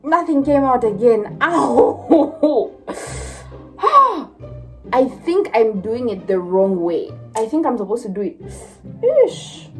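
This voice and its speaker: A woman's voice: fairly high pitch, sing-song, slow, faint music behind. A woman in her twenties vlogging casually, giggling and exclaiming as she laughs through pain. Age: 20s. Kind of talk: casual vlog chat. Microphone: phone camera.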